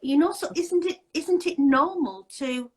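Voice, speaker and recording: A woman's voice: sits high, a little slow, a little mellow, rough recording. A woman hosting a casual interview chat, talking in an indignant, emphatic way with many rhetorical questions. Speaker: host.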